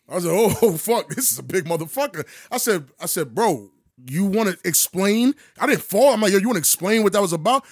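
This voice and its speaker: High husky dude telling a story, voice bouncing all over, dry close mic. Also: male voice, a little fast, no echo. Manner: animated, acts out dialogue with big pitch jumps; profane street slang. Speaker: podcast co-host telling a story. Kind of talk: casual storytelling chat.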